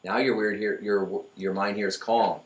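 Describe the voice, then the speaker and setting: A middle-aged man giving a lively motivational talk as host, often acting out voices in his stories. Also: fairly low pitch, unhurried. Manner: energetic, acts out voices in stories. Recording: echoey room, mic far off.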